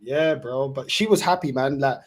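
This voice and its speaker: A man's voice: mid-range voice, moderate pace. A man hosting a casual chat, easygoing, laughing often and repeating himself. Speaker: channel host.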